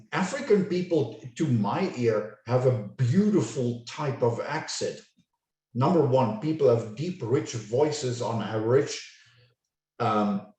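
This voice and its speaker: A man giving a webinar lecture as a communication coach, speaking slowly and deliberately and enunciating each word with care. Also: mid-range voice, dark tone. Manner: slow, deliberate, carefully enunciated. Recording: very echoey room, distant mic.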